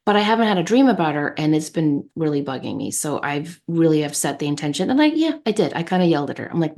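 A woman co-hosting a spiritual podcast, telling a personal story in an animated, chatty way. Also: sits low, fast talker. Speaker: podcast co-host. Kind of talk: casual chat.

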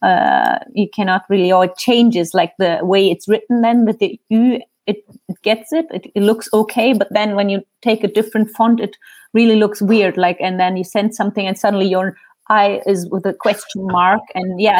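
A woman's voice: mid-range voice, fairly even intonation, moderate pace, a little mellow. Thoughtful woman answering interview questions. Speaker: interview guest, digital marketer. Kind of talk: casual interview chat.

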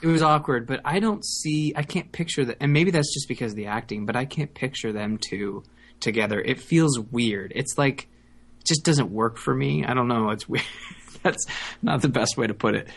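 A man's voice: medium pitch, moderate pace. A man talks casually about a show, stopping and restarting as he hunts for the right word. His voice sits in an ordinary middle range. The tone is loose and conversational. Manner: hesitant, restarts often, searching for words. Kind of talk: casual discussion of a TV episode.

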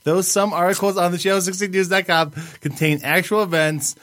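A man's voice: sits high, flat delivery, a little fast, fairly bright tone. A man co-hosting a casual podcast, easygoing, chiming in and reading facts aloud. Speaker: podcast co-host.

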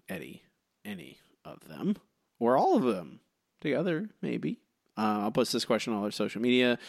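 A man's voice: lowish voice, vocal fry. A man co-hosting a podcast, chatting casually and running a trivia quiz, with a hesitant, filler-filled delivery. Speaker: podcast co-host.

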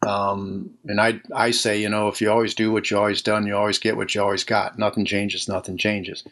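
A man's voice: on the low side, flat delivery, brisk, fairly bright tone. A man working as a mental health counselor, chatting as an interview guest from a room at home, rambling and restarting his sentences. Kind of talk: casual interview conversation.

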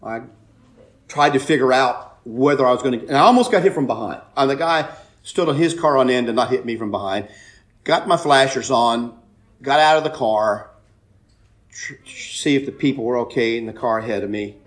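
A man preaching a sermon, telling a personal story with loud emphatic bursts and quiet asides. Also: mid-range voice, normal speed. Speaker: pastor.

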